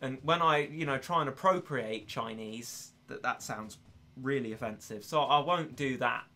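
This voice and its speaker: A man's voice: medium pitch, normal speed, sharp tone. A young English man streaming a game with casual, rambling, self-deprecating chat and frequent laughs. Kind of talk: casual gaming commentary.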